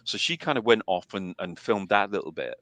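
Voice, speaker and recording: A man's voice: on the low side, animated, brisk, a bit bright, no echo. A man talking films in a casual review chat, emphatic and repeating phrases to drive a point home.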